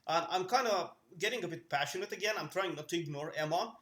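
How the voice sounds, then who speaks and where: A man's voice: high-pitched, fast talker, a bit bright, roomy sound. A man playing his character in a tabletop game, talking earnestly with many restarts. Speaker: player. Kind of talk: in-character tabletop role-play.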